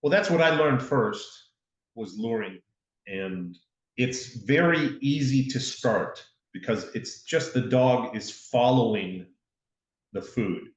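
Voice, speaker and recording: A man's voice: mid-range voice, animated, slow. A man co-hosting a podcast, chatting casually and easily with short agreeing replies. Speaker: podcast co-host. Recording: dull, roomy sound.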